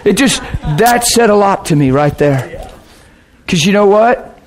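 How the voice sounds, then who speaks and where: A man preaching, telling a personal story to his audience in an animated, emotional way with bursts of laughter. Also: high voice, unhurried. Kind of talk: anecdotal storytelling sermon.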